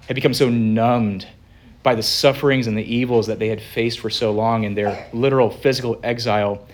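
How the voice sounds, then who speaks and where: A man preaching from the pulpit with earnest conviction. His voice sits at an ordinary pitch for a man, and he slows on key phrases and builds in volume when he exhorts the listeners. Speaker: pastor. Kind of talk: sermon.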